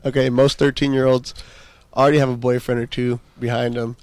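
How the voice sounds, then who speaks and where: A man's voice: mid-range voice, level tone, a little fast, a little mellow, no echo. A man chatting casually as a podcast guest, telling stories in a laid-back way and chuckling often.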